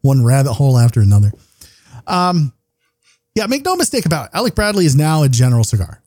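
A man's voice: mid-range voice, sing-song, fast, darkish tone, no room sound, studio quality. A man hosting a podcast, his voice tired, talking casually in a rambling, profane, joking way. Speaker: podcast host. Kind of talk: casual chat.

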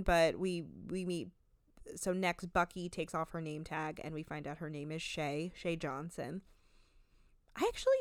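A woman co-hosting a casual podcast, recapping a reality show with quick asides and frequent laughter. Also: medium pitch, dry recording, studio quality. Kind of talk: casual chat.

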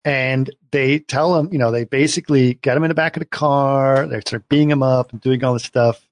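A man's voice: mid-range voice, fairly even intonation, a little fast, dry recording. A man hosting a casual watch-party podcast, retelling a show's plot in a rambling way with many restarts. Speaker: podcast host.

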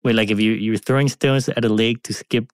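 A man's voice: on the low side, fairly even intonation, smooth, no room sound, studio quality. A man co-hosting a casual science chat, asking curious questions and cracking jokes. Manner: curious, joking, quick questions. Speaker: podcast co-host asking questions.

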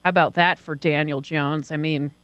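A woman co-hosting a casual sports betting chat, hesitant and quick to laugh. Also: sits low, steady tone, a bit bright, smooth, no room sound, lo-fi sound. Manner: hesitant, laughs often, restarts.

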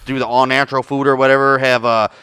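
Podcast co-host: bright, clear-voiced man, loud and argumentative, heavy swearing. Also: mid-range voice, level tone, fast. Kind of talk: casual profane chat.

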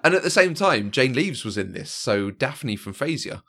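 A man co-hosting a podcast speaks at a moderate pace in a medium-pitched, sing-song voice with a sharp tone. He chats casually about a film, hesitating, leaning on fillers, and laughing often.

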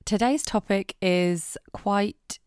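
A woman's voice: medium pitch, takes it slowly, darkish tone, clean tone, dry recording, studio quality. A woman hosting a solo podcast, sounding nasal from a cold and talking in a candid, earnest way. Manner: candid, earnest and self-doubting. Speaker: podcast host.

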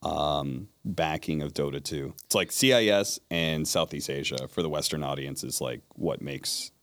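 A man's voice: extremely low pitch, normal speed, fairly bright tone. A man who works as an esports play-by-play caster, chatting casually and animatedly in an interview, laughing often.

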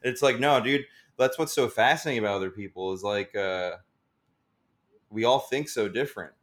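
A man's voice: lowish voice, a little fast, fairly bright tone. A young man, a stand-up comedian, chatting casually on a podcast, rambling with lots of "like" and frequent laughter. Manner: rambling, heavy use of "like", laughs often.

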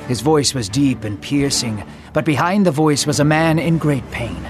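Guy telling a bible story dramatically, kinda higher voice, soft music behind. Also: moderate pace. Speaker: narrator. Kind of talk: scripted storytelling narration.

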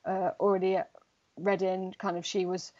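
Chatty young woman, flat and low. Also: normal speed, muffled recording. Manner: chatty, rambling with fillers. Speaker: footballer guest. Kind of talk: casual interview chat.

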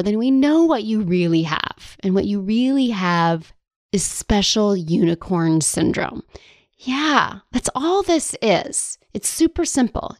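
A woman hosting a life coaching podcast who talks in a playful, animated way, laughing often and acting out whiny voices. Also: a little high, no room sound, clean studio sound. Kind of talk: solo podcast monologue.

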